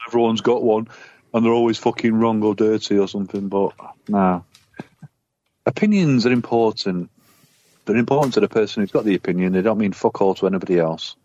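A man co-hosting a crude comedy podcast, blunt and deadpan with casual swearing. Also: fairly low pitch, fairly quick, muffled recording. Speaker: podcast co-host.

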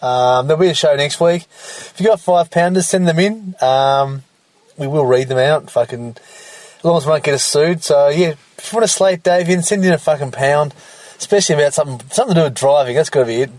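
Foul-mouthed podcaster in a car. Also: male voice, fairly high pitch, a little fast, darkish tone, no room sound. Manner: profane, rambling, mocking. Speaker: podcast host. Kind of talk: casual solo podcast monologue. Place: parked car. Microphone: self-recorded in the car.

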